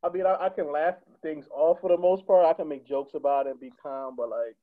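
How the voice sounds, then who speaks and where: A young adult stand-up comedian from Connecticut, appearing as a podcast guest, rattles off casual comedy-club stories in a fast, animated, profane way and laughs along. His voice is a little high for a man, and it comes through a narrow, tinny, phone-like line.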